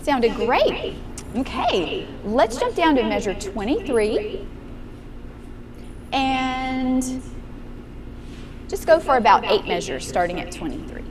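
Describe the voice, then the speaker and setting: A woman's voice: high-pitched, sing-song, slow pace, long pauses, crowd noise. A woman piano teacher coaching a young student in a master class, encouraging and asking guiding questions. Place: room with a piano. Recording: piano music in the room.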